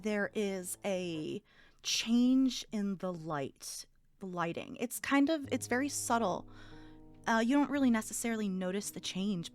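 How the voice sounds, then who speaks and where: A woman game master describing scenes in a tabletop role-playing game in a relaxed, descriptive way with many fillers. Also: medium pitch.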